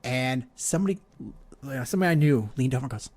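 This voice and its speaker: A man's voice: medium pitch, animated, fast talker, a little mellow. A middle-aged man hosting a casual podcast chat, telling self-deprecating stories with frequent laughs. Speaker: podcast host.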